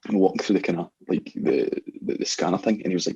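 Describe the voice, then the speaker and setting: A young man with an Ayrshire Scottish accent telling laughing, animated stories in casual podcast chat. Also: low-pitched, fast, gravelly, husky, dull audio. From Scotland. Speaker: podcast guest, DJ.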